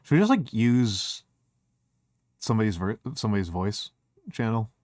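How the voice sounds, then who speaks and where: Hosting a stream, a man with a lowish, sing-song, darkish voice chats at a moderate pace, hesitating and restarting frequently with many fillers. The sound is clean studio quality with no room sound.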